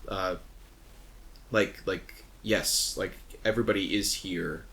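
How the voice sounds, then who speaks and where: A soft-spoken woman captain struggling for words in a language not her own, voiced by a man running a tabletop game. She halts, hedges and gropes for the right term, with a bright tone. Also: sits low, fairly even intonation, gravelly, exaggerated voice, low-quality recording. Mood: searching. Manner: halting, searching for words. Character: hesitant female ship captain, new to the common tongue.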